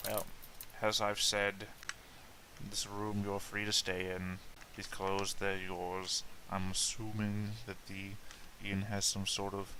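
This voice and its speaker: A man voicing a pompous, foppish male nobleman who speaks in a measured, formal way. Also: lowish voice, flat delivery, bright, forceful tone, a little hiss or hum. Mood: gracious.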